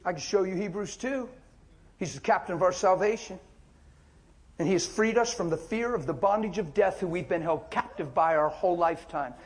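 A man preaching an impassioned sermon, firing rhetorical questions, repeating phrases, and swinging from shouting to near whispers. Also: high voice, brisk.

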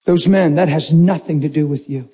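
A preacher gives voice to God, a calm and fatherly male presence. He speaks softly and slowly, with gentle authority. The voice sits in a high register. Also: husky. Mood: gentle firm.

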